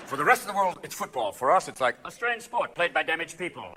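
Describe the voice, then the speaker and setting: Male stand-up comic, manic and shouty, high bright voice, live show with faint audience noise. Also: very animated. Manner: manic, rapid voice switching, shouting bursts. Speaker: stand-up comedian. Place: live comedy stage with laughing audience. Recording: live show audio with crowd laughter.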